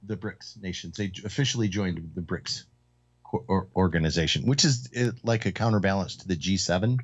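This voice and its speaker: Man, low voice, round-table co-host, explains economics, lots of fillers, muffled lo-fi audio. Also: fairly quick. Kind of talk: casual round-table discussion. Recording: dull lo-fi sound.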